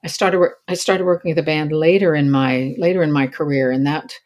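An older woman from the Canadian prairies, a singer-songwriter guest chatting lively in an interview, with many restarts and asides. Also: low voice, a little fast. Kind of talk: casual interview chat.

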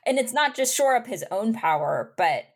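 A woman's voice: on the high side, sing-song, normal speed, slightly rough. A woman co-hosting a book podcast, chatting casually and weighing ideas. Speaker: podcast co-host.

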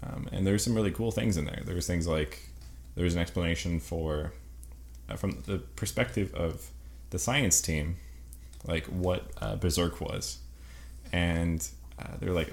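A man co-hosting a casual gaming podcast, talking with enthusiasm, laughing often and filling pauses with ums. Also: low-pitched, creaky. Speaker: podcast co-host.

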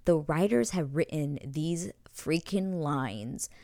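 A woman with a low, deep-set voice chats eagerly about a TV episode she loved. She gushes freely and leans on fillers. The sound is close and dry, with no room around it. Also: expressive, slow pace, warm tone, no room sound. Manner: chatty, gushing, frequent fillers. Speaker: TV episode recap vlogger. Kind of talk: casual chat.

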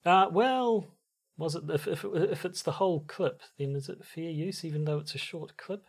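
A man's voice: fairly high pitch, normal speed, creaky, slightly rough. A man co-hosting a podcast in a casual chat, agreeable and hesitant, with many restarts and fillers. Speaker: podcast co-host.

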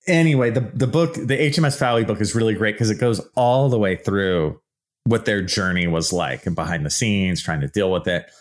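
A middle-aged man hosts his own podcast in a casual, lively monologue. His voice sits on the low side. He likes to act out silly mock quotes in put-on voices. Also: moderate pace. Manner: animated, acts out mock quotes in goofy voices. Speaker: podcast host, archaeologist. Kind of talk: casual solo podcast talk.

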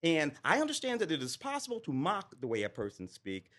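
A man's voice: fairly high pitch, wildly swooping pitch, a little fast, fairly bright tone. A man in his fifties co-hosting a podcast, talking in a passionate, emphatic way. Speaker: podcast co-host. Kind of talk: casual chat.

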